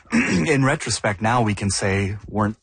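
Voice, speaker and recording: A man's voice: lowish voice, animated, a little slow, gravelly, fairly bright tone, husky, no room sound. A man co-hosting a news discussion, asking questions and thinking aloud.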